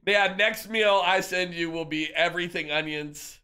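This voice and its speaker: A young man live-streaming, chatting casually and excitedly with his viewers and reading their messages aloud. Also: high-pitched, measured pace, smooth. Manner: hyped, laughing, reads chat aloud.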